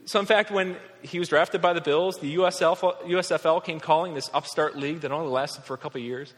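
In a large church hall where a long reverb trails each word, a pastor in his thirties from Western New York preaches a sermon. His voice sits a little high for a man, fast and fairly bright with a steady tone, and he comes across as earnest and conversational with touches of wry humor.

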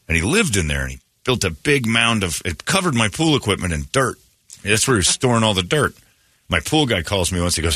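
A man's voice: on the low side, sing-song, fast, sharp tone, no room sound, clean studio sound. A man hosting a morning radio show, telling rambling, joking stories in casual banter.

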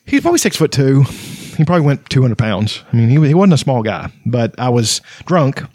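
A man's voice: medium pitch, expressive, moderate pace, mellow, no room sound, studio quality. A man telling a rowdy fight story in casual chat, swearing freely and laughing as he talks. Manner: profane, boisterous storytelling with laughs.

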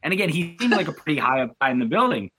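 A man guesting on a sports podcast, chatting casually. His voice is bright and forceful. He tells stories animatedly, with frequent restarts and fillers. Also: a little high, very animated, very fast, breathy edge.

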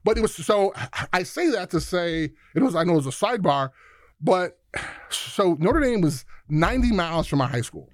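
A man's voice: high-pitched, normal speed, dry recording, studio quality. A man in his fifties from Chicago, a guest telling stories in a casual interview and acting out what people said, with some swearing. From Chicago, USA. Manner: animated storyteller who acts out quoted voices, casual swearing. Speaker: podcast guest, former football player.

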